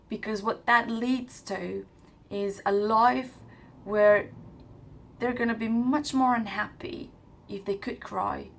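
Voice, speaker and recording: A woman's voice: mid-range voice, fairly bright tone. A young woman talking earnestly to camera at home in a personal advice vlog, encouraging and candid, with frequent restarts as she gathers her thoughts. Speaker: vlogger.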